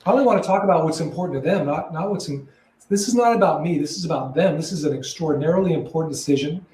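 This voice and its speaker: A probate real estate broker, appearing as a guest in a conversational interview, talks calmly and matter-of-factly about his work, often repeating himself in short phrases. His slightly high voice races at times. He sounds far from the mic, in a roomy, echoey space.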